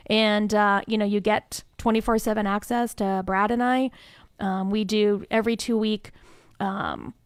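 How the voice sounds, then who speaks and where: A woman talks through her program with a chatty, upbeat energy, leaning on "um" and "you know" as she goes. Her voice is smooth and clear, recorded dry with almost no room sound. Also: medium pitch, dry recording. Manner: chatty and enthusiastic, frequent "um, you know" fillers. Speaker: incubator staff member, interview guest. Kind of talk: conversational interview answer.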